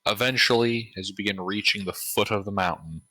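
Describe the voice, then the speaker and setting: A man narrating as game master in a tabletop game, relaxed with frequent fillers. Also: on the low side, brisk, dry recording, poor audio.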